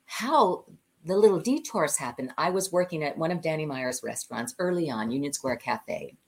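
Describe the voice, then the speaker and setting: A woman with a lowish voice tells stories from her career as a cabaret singer. Her pitch swings widely as she animates each anecdote. She laughs often and slips into the voices of the people she quotes. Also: expressive, moderate pace, darkish tone, husky. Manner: laughs often mid-story. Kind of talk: animated conversational storytelling.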